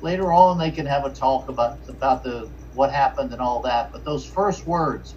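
A man, a pastor from Richmond preaching an earnest sermon with halting restarts and fillers. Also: mid-range voice, a little mellow. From Richmond, Virginia. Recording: distant, dull lo-fi mic with faint noise.

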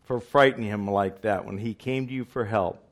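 A man's voice: on the low side, moderate pace, natural voice. A man voicing a meek young girl who is speaking up to a powerful ruler. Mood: indignant.

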